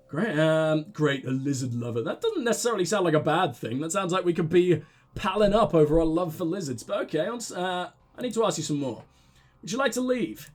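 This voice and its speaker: A man hosting a let's play, commenting excitedly with joking, profane asides. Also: fairly high pitch, fairly quick, faint music behind. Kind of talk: gaming commentary.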